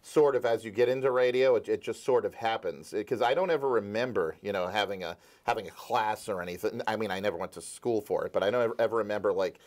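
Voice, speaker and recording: Man in his forties, from Rhode Island, radio station owner, eager rambling storyteller, fairly low voice. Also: fast talker, few pauses. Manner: eager storyteller with many restarts. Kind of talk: casual interview conversation.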